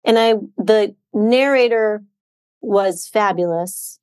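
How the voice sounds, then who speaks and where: A woman's voice: mid-range voice, takes it slowly, clear, resonant tone, no room sound. A woman co-hosting a bookshop podcast, chatting casually about books with lots of "um" and "like". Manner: chatty, relaxed, many "um"s and "like"s. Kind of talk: casual book chat.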